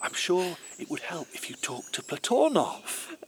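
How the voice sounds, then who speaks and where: An actor playing a fussy, doting husband in a radio play, flustered and stammering. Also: male voice, high-pitched, wildly swooping pitch, measured pace, full character voice.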